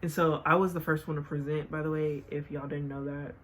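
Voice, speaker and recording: A woman's voice: low voice, flat delivery, brisk. A young woman vlogger casually telling a story, chatty and full of filler words.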